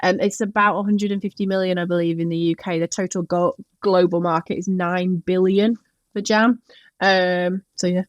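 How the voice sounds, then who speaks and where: A woman from Yorkshire talks about her food brand in a relaxed, eager interview voice. Her pitch sits a little low, and she leans on "um" and "like" as she goes. The recording is dry and close, with no room sound. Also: normal speed, dry recording, lo-fi sound. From Yorkshire, England. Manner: enthusiastic, with frequent "um" and "like". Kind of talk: casual interview talk.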